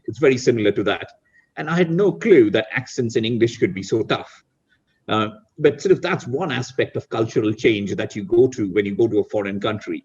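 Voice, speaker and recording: A middle-aged man from India talks reflectively as a talk show guest, often restarting his sentences. His voice is husky and sits at an ordinary pitch. The audio is dull and lo-fi, as on a video call. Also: darkish tone. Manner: reflective, many restarts and "you know". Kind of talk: casual interview chat.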